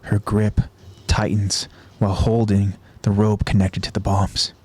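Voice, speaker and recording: A man who hosts a podcast, retelling an anime episode scene by scene in a steady, descriptive way. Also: fairly low pitch, unhurried. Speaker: podcast host.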